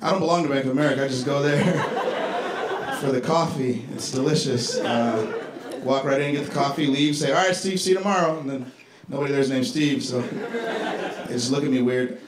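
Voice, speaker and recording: A man from Chicago doing a stand-up comedy set on a club stage, with a laid-back, deadpan delivery and profane asides. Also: mid-range voice, normal speed. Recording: echoey club with crowd noise.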